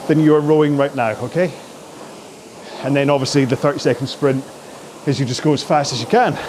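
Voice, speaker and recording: A man's voice: a little high, a little mellow, slight background noise. Chatty man coaching a rowing workout. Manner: chatty, jokey and encouraging. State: talking while rowing on a machine. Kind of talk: follow-along workout instruction.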